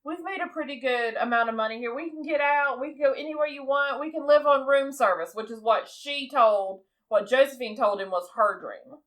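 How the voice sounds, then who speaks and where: Lively high-voiced woman recapping a film. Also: fairly quick, hardly any pauses. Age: 30s. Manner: animated, acts out movie lines while retelling. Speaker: podcast co-host. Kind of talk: casual film recap chat.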